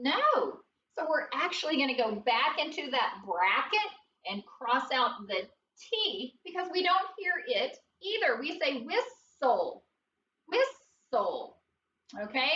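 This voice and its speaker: A woman teaching a phonics lesson to young children, spelling words slowly and prompting them with encouragement. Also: high voice, bright, forceful tone, a little hiss or hum. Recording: dull, roomy sound from a distance.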